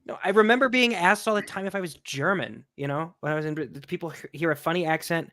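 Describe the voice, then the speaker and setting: Bright, dry-sounding American man. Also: on the high side, fast talker, no room sound. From United States. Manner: animated, mocking quoted voices. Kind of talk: casual chat.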